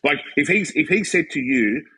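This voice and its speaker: Husky man telling animated stories. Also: on the high side, normal speed. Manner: animated storyteller acting out quoted dialogue, frequent "like". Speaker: podcast guest, wrestler and commentator. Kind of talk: casual storytelling chat.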